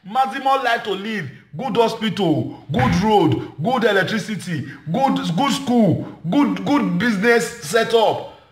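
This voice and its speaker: Emphatic Nigerian Pidgin-speaking man, high voice. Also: lively intonation, a little slow, echoey room. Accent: Nigerian Pidgin English. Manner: emphatic, repetitive, shifts between Pidgin and English. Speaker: comedian. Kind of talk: impassioned speech to a gathering.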